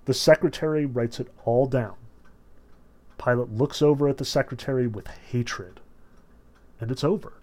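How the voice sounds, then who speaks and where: A man lecturing on a novel, emphatic and animated, with sudden surges of stress and casual asides. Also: medium pitch, normal speed, long pauses. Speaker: literature lecturer.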